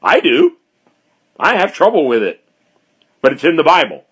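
A man preaching an expository sermon, speaking deliberately and driving his points home through emphatic repetition. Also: on the high side, wildly swooping pitch, fairly bright tone, breathy edge.

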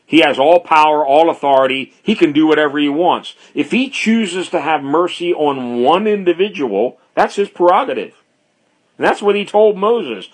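A man preaching an expository sermon, speaking deliberately and driving his points home through emphatic repetition. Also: on the high side, expressive.

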